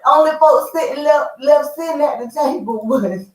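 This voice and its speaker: A lively woman vlogger chats with her viewers and calls them "y'all" and "honey." Her voice sits a little high. She is some way from the mic in a roomy, echoing space. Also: moderate pace, recorded from a distance. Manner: animated, chatty, addresses viewers as y'all and honey. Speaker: reality TV review vlogger. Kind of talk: casual chat.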